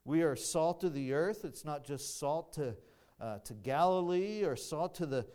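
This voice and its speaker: Slow, deliberate preacher man. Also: a little high, lively intonation, mellow. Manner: deliberate, repeats and restarts phrases, emphatic. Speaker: pastor. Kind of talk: sermon.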